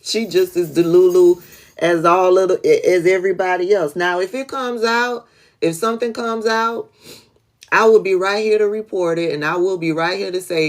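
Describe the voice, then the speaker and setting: A woman's voice: lowish voice, fairly even intonation, normal speed. A woman hosting a casual political livestream, blunt and profane, often laughing, speaking. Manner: blunt, profane, laughing, talks to chat viewers by name.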